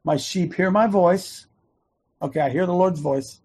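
A man gives an emphatic devotional sermon, leaning hard on key lines and repeating them. His voice sits fairly high for a man and has a husky edge. He speaks at an unhurried, deliberate pace. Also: darkish tone. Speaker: coach giving a devotional talk.

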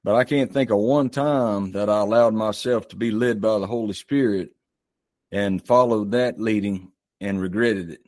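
A man's voice: lowish voice, moderate pace, darkish tone, dry recording, studio quality. A man calling in to a talk show who reflects on his own life. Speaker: caller. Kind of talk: call-in talk.

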